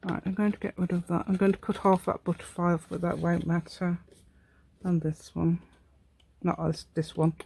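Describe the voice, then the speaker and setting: A woman's voice: fairly low pitch, flat delivery, moderate pace, gravelly, mellow, breathy edge. A woman hosting a casual crafting tutorial, chatting and rambling as she works. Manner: chatty, rambling, self-deprecating with frequent laughs. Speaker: crafting channel host.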